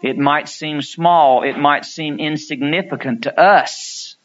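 A man preaching a sermon, telling stories and acting out quotes, climbing to loud pleading peaks. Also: fairly high pitch, takes it slowly, dull audio, a little hiss or hum.

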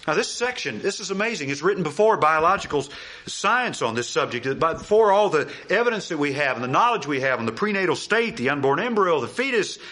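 Male pastor, sermon, emphatic, rhetorical questions, slightly high voice, bright tone. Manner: animated preaching, rhetorical questions, emphatic repetition.

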